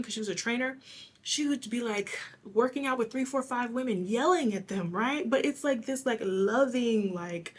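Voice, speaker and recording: A young woman giving a casual tarot reading, rambling and chatty with a slightly raspy, hoarse voice. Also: a little high. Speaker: tarot reader.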